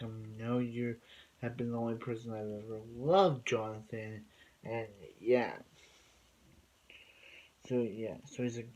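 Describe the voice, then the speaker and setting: A man's voice: mid-range voice, a bit bright, poor audio. A man casually recapping a TV episode, rambling and filling gaps with many fillers and restarts. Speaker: TV episode reviewer.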